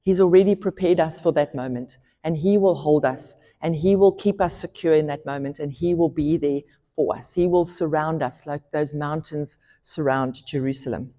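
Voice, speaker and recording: A woman pastor delivers an earnest sermon, her voice low-pitched and mellow. She grows emphatic on scripture, and a long church-hall reverb trails her words. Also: normal speed, hardly any pauses, muffled recording. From South Africa.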